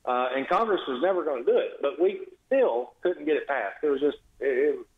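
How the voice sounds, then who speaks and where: A man's voice: fairly high pitch, lively intonation, brisk, reverberant. Sarcastic man on a tinny phone line. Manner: blunt, sarcastic, exasperated. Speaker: state legislator guest. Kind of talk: phone-in radio interview.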